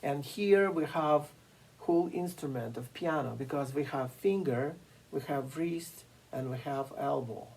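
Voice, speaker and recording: A piano teacher giving a masterclass lecture, explaining slowly and deliberately with frequent fillers and pauses. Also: medium pitch, darkish tone, breathy edge, rough recording. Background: occasional piano playing.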